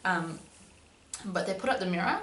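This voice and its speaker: A woman's voice: lowish voice, animated, normal speed, fairly bright tone. A young woman telling a personal story in a casual, chatty way, with lots of "um"s and "but yeah"s. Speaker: vlogger. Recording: echoey room with faint hum.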